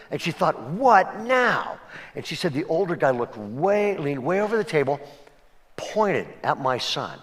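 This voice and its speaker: Pastor, man, animated storyteller, high bright voice. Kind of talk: sermon. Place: church sanctuary.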